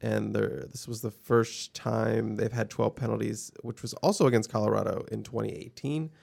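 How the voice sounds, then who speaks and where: A man's voice: fairly low pitch, fairly even intonation, moderate pace, creaky, a little mellow. A man co-hosting a sports podcast, telling stories in an easygoing way and acting out the quotes. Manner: easygoing storyteller, acts out quotes. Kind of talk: casual sports chat.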